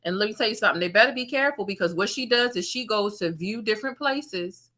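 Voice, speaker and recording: A woman hosting a casual gossip commentary, talking straight to her viewers in a sassy, animated way. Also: medium pitch, fast. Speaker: commentary channel host.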